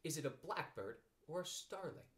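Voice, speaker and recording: A bossy, scheming male rabbit, as a man puts him on for a storybook, brisk and insistent. The voice sits a little high and rises and falls in a lively way. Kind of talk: storybook reading.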